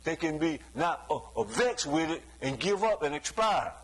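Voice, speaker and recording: This man preaches a sermon loosely and conversationally, his slightly high voice swinging widely in pitch at a normal speed with a somewhat bright tone. He often pauses to ask "you see?", chuckles between points, and acts out quoted voices. The recording quality is low.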